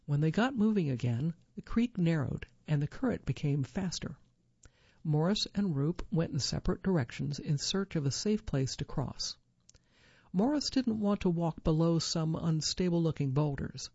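A narrator reading a true survival story in a measured storytelling manner, lifting the quoted lines. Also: mid-range voice, creaky, dark tone, breathy edge, no room sound, lo-fi sound.

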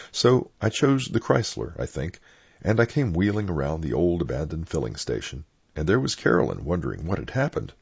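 Gravelly deep-voiced older clergyman storyteller. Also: big pitch swings, darkish tone, no echo. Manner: plain unhurried storytelling. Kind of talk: reading personal anecdotes aloud. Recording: dull lo-fi dry recording.

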